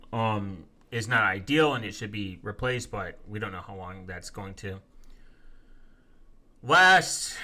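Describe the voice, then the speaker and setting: A man live-streaming in a casual, profane rant, reading viewer comments aloud and quickly flaring up as he rebuts them. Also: lowish voice, sharp tone. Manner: profane, quick to flare up angrily. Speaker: live streamer answering chat.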